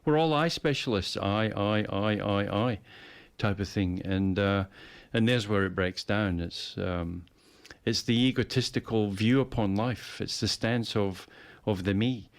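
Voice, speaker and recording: A man's voice: on the low side, unhurried, hardly any pauses. A man in casual conversation, rambling and repeating words as he muses. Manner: rambling, repeats words, puts on playful voices. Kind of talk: casual chat.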